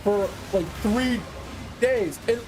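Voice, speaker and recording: A man's voice: sits high, slow, music in the background. A young man giving casual gameplay commentary as a streamer, frustrated and swearing while he talks to his chat. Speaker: gaming streamer.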